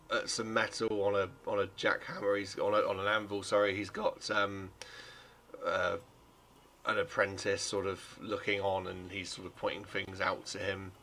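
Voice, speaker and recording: A man's voice: fairly low pitch, sharp tone, a little hiss or hum. A man running a tabletop game as game master, narrating in a rambling way and correcting himself as he goes.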